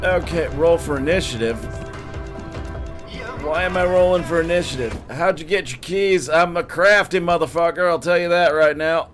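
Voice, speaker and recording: A man's voice: fairly high pitch, normal speed, music in the background, close to an everyday voice. A man voicing a boastful, crude old geezer who grumbles and swears while playing a game on a livestream. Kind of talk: livestream gaming banter.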